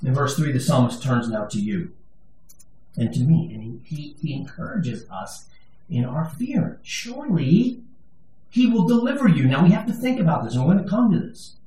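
A man's voice: mid-range voice, lively intonation, normal speed, mellow. A male pastor giving a sermon, conversational and emphatic, with touches of humor. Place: church sanctuary. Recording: echoey room, voice from a distance.

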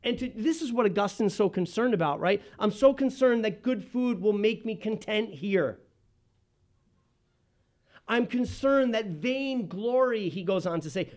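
A man delivering a sermon, moving between quick asides and slow, loud, emphatic lines. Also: high voice. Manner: impassioned preaching with sudden loud and slow emphatic phrases. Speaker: pastor.

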